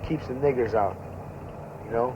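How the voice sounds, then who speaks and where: Actor as young greaser, slangy, rambling; lo-fi 1970s film audio, steady hiss. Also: male voice, mid-range voice, normal speed, natural voice. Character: pushy young greaser, crude and street-talking. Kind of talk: naturalistic 1970s film acting.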